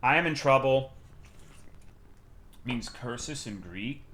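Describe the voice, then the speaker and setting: A man streaming a game, talking casually in a rambling, profane, excitable way, swinging from loud bursts to mumbled asides. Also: medium pitch, slow, slight background noise. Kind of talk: casual live-stream gameplay commentary.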